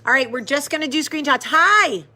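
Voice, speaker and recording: A woman's voice: high voice, expressive, a little fast, a crowd in the background. A woman from the hosting a casual live video chat with viewers, effusive and chatty. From American South. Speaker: host.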